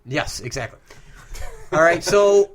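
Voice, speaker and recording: A man from New York's Southern Tier co-hosting a casual webcast. He tells stories with a lively voice that swings up and down, joking as he goes. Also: fairly high pitch, takes it slowly. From Southern Tier of New York. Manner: storytelling, joking, animated. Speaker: co-host of a paranormal webcast. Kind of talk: casual chat.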